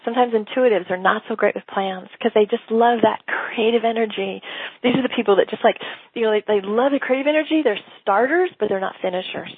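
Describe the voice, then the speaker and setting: A woman business coach teaching in a casual, animated way, often acting out quoted dialogue and laughing. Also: on the high side, fairly quick, husky. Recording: tinny phone-like sound.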